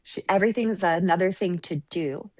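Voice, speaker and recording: Speaking at a moderate pace in a voice on the low side, this woman, a relationship coach and Reiki practitioner, shares stories in a conversational interview. She comes across as reflective and earnest, frequently checking in with "right?".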